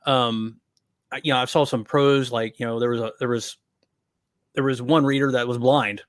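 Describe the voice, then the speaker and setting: A man co-hosts a podcast, chatting in a loose, rambling way packed with fillers. His mid-range voice stays fairly even at a moderate pace, and the studio recording is clean with no echo.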